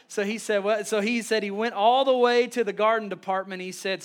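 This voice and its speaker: A man, a pastor preaching a sermon, telling stories with lively restarts and repeated words. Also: high voice, clean tone. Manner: animated storytelling with quick restarts.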